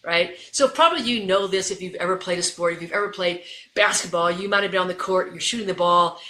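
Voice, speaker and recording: Middle-aged woman, speaker and coach, animated storyteller, bright tone, echoey room. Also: on the low side, quick pace. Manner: lively, addresses listeners as folks. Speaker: guest, keynote speaker and coach. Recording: roomy echo.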